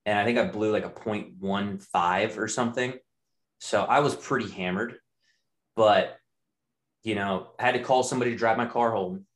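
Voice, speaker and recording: Low-voiced young man, roomy sound. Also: moderate pace. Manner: candid, profane, loose storytelling. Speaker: guest telling a personal story. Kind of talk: casual storytelling. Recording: roomy echo.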